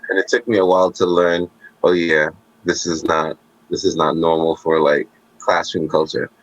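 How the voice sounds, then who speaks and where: Deep-voiced man talking emphatically. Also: flat delivery, moderate pace, no room sound, lo-fi sound. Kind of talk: casual conversation.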